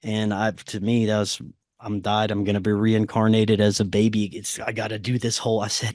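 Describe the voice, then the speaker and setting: A man's voice: fairly low pitch, moderate pace, no room sound. Dry-voiced man telling a vivid story. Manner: acts out quoted dialogue in a quieter voice; frequent fillers and restarts, animated retelling. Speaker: podcast guest. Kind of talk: casual first-person storytelling.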